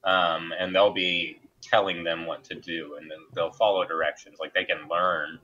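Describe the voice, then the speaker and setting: A man with an American accent chatting casually, explaining points in a measured way. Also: low-pitched, level tone, bright, forceful tone, lo-fi sound, slight background noise. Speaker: podcast co-host. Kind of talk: casual chat about anime.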